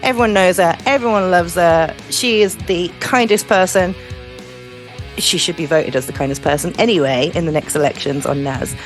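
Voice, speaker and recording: A woman's voice: fairly low pitch, moderate pace, faint music behind. A young woman with a Birmingham accent hosting a podcast, chatting casually and joking with her guest. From England. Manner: chatty, jokey, laughs often. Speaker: podcast host. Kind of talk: casual interview chat.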